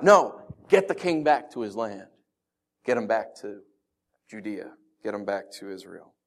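A man's voice: on the low side, measured pace. A man preaching a conversational sermon, telling stories and asking his listeners rhetorical questions. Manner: animated storytelling with rhetorical questions. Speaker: pastor.

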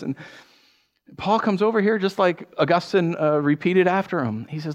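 A middle-aged man preaching a sermon in a fairly high voice. He tells stories with animated energy, acts them out with sound effects, and restarts his phrases as he talks. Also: fairly quick. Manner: repeats words, restarts phrases. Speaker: pastor.

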